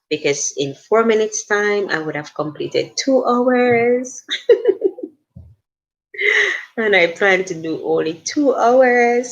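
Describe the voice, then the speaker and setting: A middle-aged woman hosting a casual motivational livestream, talking earnestly and chatting with many fillers and restarts. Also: on the low side. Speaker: livestream host.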